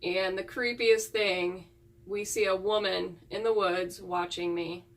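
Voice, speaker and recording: A woman's voice: medium pitch, steady tone, unhurried, far from the mic. A woman who hunts ghosts, talking earnestly in a casual chat with her viewers. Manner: chatty and earnest, with frequent fillers. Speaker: paranormal investigator vlogger.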